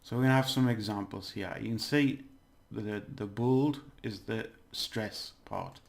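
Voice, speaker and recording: Teaching a language in a relaxed video, this man speaks in a lowish, creaky voice at an unhurried pace. He chats freely, stretches words in exaggerated demonstration, and laughs when he slips up.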